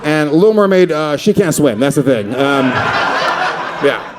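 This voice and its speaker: A man in his thirties performing a stand-up comedy set on stage, crude and profane, rambling with quick asides. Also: fairly high pitch, expressive, crowd noise, background noise.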